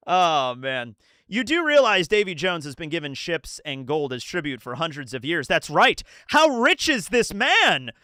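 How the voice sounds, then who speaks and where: A man on a live stream, rambling excitedly through a manga chapter breakdown, laughing often and acting out quotes. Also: on the high side, clear, resonant tone, no room sound, clean studio sound. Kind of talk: casual live-stream commentary.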